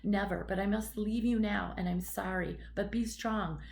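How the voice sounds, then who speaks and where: A woman's voice: medium pitch, fairly even intonation, normal speed, creaky, darkish tone, lightly acted. A woman reading an audiobook and voicing a brave young female rabbit, speaking urgently and earnestly in a raised voice.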